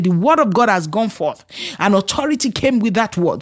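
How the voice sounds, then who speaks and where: A woman pastor preaching a fervent sermon that rises to shouted declarations. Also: medium pitch, lively intonation, moderate pace.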